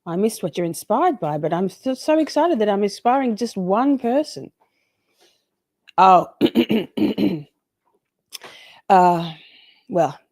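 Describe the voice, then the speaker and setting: A chatty woman hosts a casual livestream and greets her viewers one by one. Her voice sits fairly low and mellow, recorded close and dry with no room sound. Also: no room sound. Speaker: livestream host.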